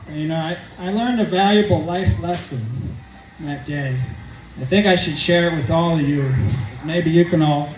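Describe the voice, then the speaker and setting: A man rambling through a comic story in an awkward, oblivious deadpan, recorded in a roomy space from a distant mic. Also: a little high, normal speed, muffled recording. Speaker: comedy character vlogger. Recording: roomy, distant mic, faint background hum.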